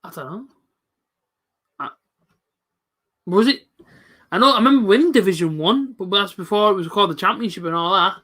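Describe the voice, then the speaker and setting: Hosting a live football reaction stream, this late-twenties man talks casually and responds to viewers by name. He sounds high and sharp, animated in delivery, speaking at a normal rate but pausing often.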